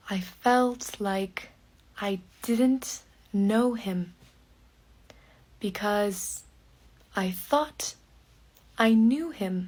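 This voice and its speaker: A woman telling a personal story in a slow podcast for learners, in short phrases with pauses and some words whispered. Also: mid-range voice, a little mellow. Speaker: podcast speaker.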